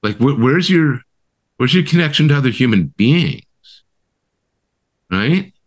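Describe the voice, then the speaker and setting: A man's voice: mid-range voice, big pitch swings, a little slow. A man co-hosting a podcast, ranting with heated, emphatic and profane talk, often asking "right?". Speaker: co-host. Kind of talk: impassioned podcast rant.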